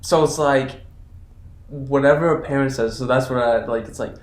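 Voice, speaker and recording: A man's voice: mid-range voice, normal speed. A young man co-hosting a podcast, chatty and curious, asking lots of questions. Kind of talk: casual chat. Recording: roomy echo.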